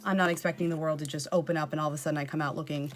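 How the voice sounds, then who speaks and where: A woman's voice: sits low, steady tone, rapid-fire, slight background noise. A woman doing a casual, comedic makeup tutorial, swearing freely, mocking herself and often dropping into a whisper. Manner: profane, self-mocking. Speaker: makeup vlogger.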